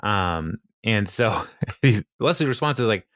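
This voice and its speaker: A man with a fairly low voice chats casually on a podcast, recapping an episode and acting out the lines. He talks with plenty of ums and little laughs. The sound is dry and close. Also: measured pace, a bit bright, dry recording. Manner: chatty, many fillers, quotes characters with laughs. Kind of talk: casual chat, retelling scenes.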